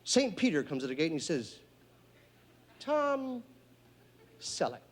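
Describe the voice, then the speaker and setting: A male stand-up comedian doing a routine on a TV stage, talking in a deliberate, emphatic, mock-instructional way. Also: on the high side, big pitch swings, husky. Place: TV studio stage with live audience.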